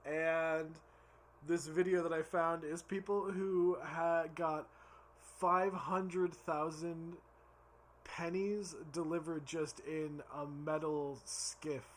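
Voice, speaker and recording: A man's voice: on the high side, steady tone, slow, a little hiss or hum. A tipsy man rambling and giggling as he reviews drinks in a casual vlog, stumbling over his words.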